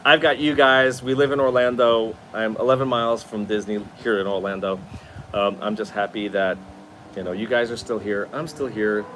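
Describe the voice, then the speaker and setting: A tired man runs a casual live stream from his new apartment, chatting expressively and answering viewers' comments. His lowish voice has fairly even intonation, a moderate pace and a fairly bright tone, with a little hiss or hum.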